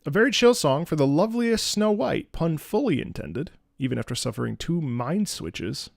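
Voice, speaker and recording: Host type: man, a little high, gravelly, dry close sound, rambling and earnest, casual stream chat. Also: sing-song, moderate pace, no echo. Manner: rambling, repeats words and restarts often. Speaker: streamer reacting to music.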